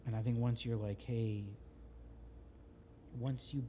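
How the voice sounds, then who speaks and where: A man with a mellow, dark-toned voice talks casually as a podcast guest, rambling loosely and using slang. Faint background noise sits under the talk. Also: mid-range voice, steady tone, takes it slowly.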